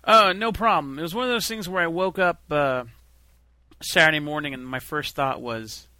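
A man co-hosting a podcast in casual chat, talking haltingly with many restarts. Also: a little high, pushed and bright, dry recording. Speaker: podcast co-host.

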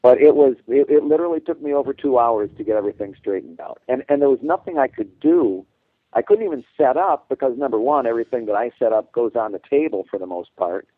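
A man chats on a podcast, telling a long story in a halting way, restarting and repeating words as he goes. His voice comes through thin and tinny, like a phone line, and sounds dry, with no room around it. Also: medium pitch, animated, no echo. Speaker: podcast co-host. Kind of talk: casual podcast chat.

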